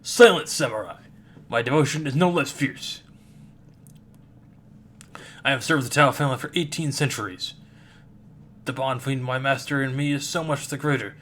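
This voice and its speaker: A man voicing an ancient, fiercely loyal male guardian ghost who speaks in a loud, formal, bombastic way. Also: mid-range voice, normal speed, long pauses, lightly acted. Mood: bellowing.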